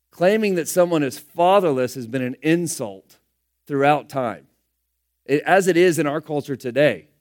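A man with a high voice preaches to his congregation. He retells scripture in a casual, talky way and acts out the characters' lines in everyday voices. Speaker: pastor. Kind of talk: sermon.

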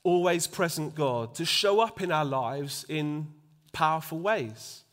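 A man's voice: on the high side, slow, a bit bright. A man preaching a sermon in a conversational way, often asking the congregation for agreement and dropping to a near-whisper for emphasis.

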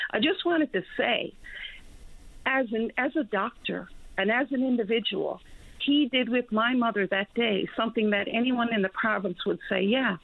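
A woman's voice: on the high side, normal speed, vocal fry, no echo. A woman from Newfoundland calling a radio talk show, telling a story earnestly with many restarts. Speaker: caller. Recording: tinny phone line.

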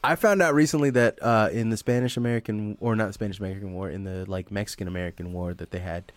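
A man's voice: fairly low pitch, steady tone, quick pace, no echo. A man hosting a casual podcast, reacting with laughter and swearing.

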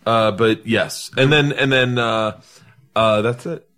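A middle-aged man hosting a podcast, telling stories in casual chat and laughing hard at his own jokes. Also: slow pace. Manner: animated storyteller, breaks into high-pitched laughter. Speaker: podcast host.

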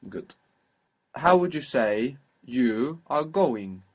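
A man's voice: mid-range voice, lively intonation, drawn-out words. A man teaching a spoken language lesson, patiently prompting and praising his student.

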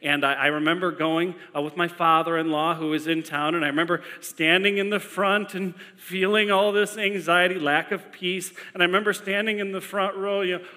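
A male pastor preaching a sermon, telling stories in an animated way and repeating lines for emphasis. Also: sits high, brisk, few pauses. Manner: animated storytelling with emphatic repetition. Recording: long echo of a large hall.

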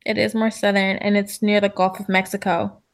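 A woman's voice: mid-range voice, level tone, normal speed. A young adult woman from the United States, chatting expressively as the interviewee in a casual interview.

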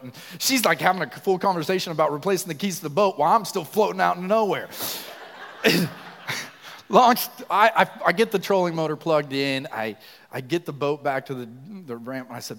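A man preaches a sermon in a church, slipping into lively personal stories and questions for the congregation. His voice sits fairly high for a man. A long reverb from the hall trails each phrase. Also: a little fast. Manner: storytelling, animated, asks congregation questions. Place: church sanctuary.

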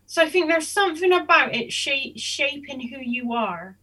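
A woman from South Bristol, speaking as a panel guest. Her voice is high and bright, and she talks casually, thinking aloud. She sounds a little distant from the microphone. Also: lively intonation, normal speed. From South Bristol, England. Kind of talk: panel discussion.

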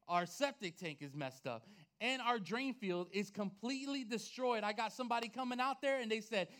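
A male pastor preaching to his congregation with a high voice. He tells stories with lots of energy, dropping low and quiet and then rising loud. His pitch leaps around constantly. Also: moderate pace. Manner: animated storytelling, swinging between hushed and loud. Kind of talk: sermon testimony.

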